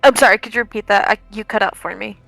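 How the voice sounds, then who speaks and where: A woman's voice: mid-range voice, fairly even intonation, fast, creaky, a bit bright, no room sound, faint music behind, low-quality recording. A woman playing a tabletop game, blunt and impatient in her turns. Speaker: player. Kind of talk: casual tabletop play.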